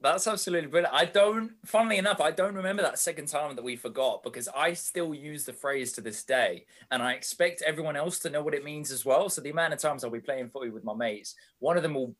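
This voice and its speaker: Young guy, podcast co-host, lively and chatty. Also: on the high side, fast talker. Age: young adult. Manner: animated, chatty British slang. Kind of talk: casual chat.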